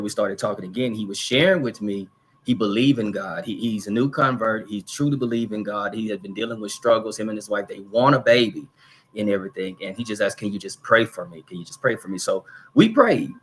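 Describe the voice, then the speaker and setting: Man, pastor, host, animated storytelling, casual live talk. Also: on the low side, brisk, slight background noise.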